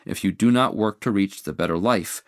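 A man delivering a formal, earnest moral address, reading scripture slowly and deliberately. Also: fairly low pitch, no echo, studio quality. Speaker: speaker giving a moral address. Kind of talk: formal inspirational sermon.

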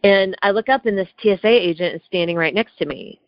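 A woman's voice: mid-range voice, quick pace, no echo. A woman telling a personal story in a casual, heated way, often asking "right?" and tossing in "like". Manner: chatty, heated, lots of "like" and "right?". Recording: dull lo-fi dry recording.

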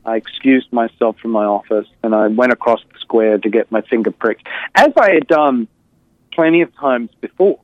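A man's voice: mid-range voice, normal speed, dry recording. A man being interviewed, telling a personal story in a reflective, candid way with many fillers and restarts. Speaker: interview guest. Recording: tinny phone-like line.

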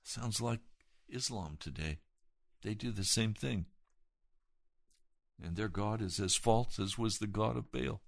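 Emphatic low-voiced male preacher. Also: slow, gravelly, long pauses, dry recording, studio quality. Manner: emphatic preaching that swells loud at climaxes; retells scripture with dramatic emphasis. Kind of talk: sermon.

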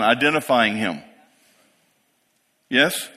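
A pastor in his fifties delivers a sermon, his fairly high, bright voice rising to emphatic peaks. He checks in with the congregation as he goes. A long reverb from the large church hall trails behind each phrase. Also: animated, measured pace. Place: church sanctuary.

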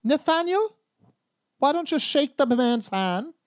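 A man's voice: extremely high pitch, lively intonation, no echo, voice pushed up, heavily acted. A man doing a silky, menacing loan shark. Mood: mocking. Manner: slow, silky, threatening.

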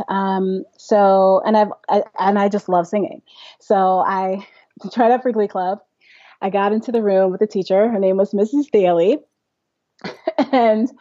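A woman's voice: medium pitch, a little mellow, no echo, dull audio. A young adult woman, a classical singer, telling her story in a casual interview, laughing often and acting out quotes. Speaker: interview guest.

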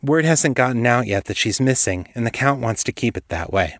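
A man's voice: mid-range voice, lively intonation, fairly quick, no room sound. A firm, purposeful woman investigator presses politely for answers, as a male narrator puts her on. The voice is raised above his own, the delivery controlled and direct. The recording is dry and close. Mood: courteous.

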